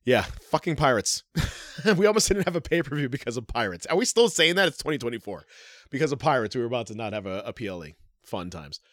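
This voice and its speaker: A man's voice: medium pitch, expressive, fast, a bit bright, no room sound, studio quality. A man co-hosting a casual podcast, joking around and laughing often. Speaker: podcast co-host.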